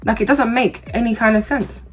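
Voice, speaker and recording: A woman's voice: a little high, fairly even intonation, fairly quick, faint music behind. A woman vlogger telling a personal story in a casual, humorous, slangy way, getting heated as she relives the anger.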